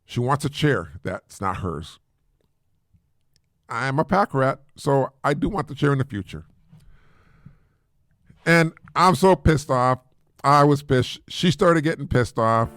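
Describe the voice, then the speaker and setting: A man hosting a podcast, telling listeners a family story in a halting way with frequent restarts and repeated words. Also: medium pitch, expressive, a bit bright, no room sound, studio quality. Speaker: podcast host, single father.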